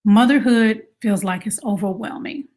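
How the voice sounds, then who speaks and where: A woman coaching mothers in a casual advice talk, conversational and animated, asking rhetorical questions. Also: medium pitch, normal speed. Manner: animated, acts out quoted moms in exaggerated voices. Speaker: self-care coach for mothers.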